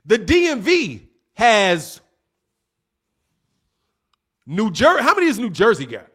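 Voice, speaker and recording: A man hosting a casual livestream, talking fast and teasing his chat in a cocky, rambling way. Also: high-pitched, huge pitch swings, fairly bright tone, husky. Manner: fast, rambling, with restarts and laughs. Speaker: livestream host.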